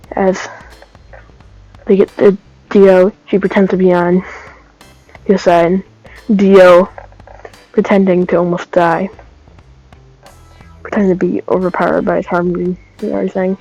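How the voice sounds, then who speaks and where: A woman's voice: medium pitch, vocal fry, dark tone, husky, muffled recording. A woman telling a made-up fan story in a casual, rambling way that keeps stopping to correct itself. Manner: rambling, trailing off, self-correcting.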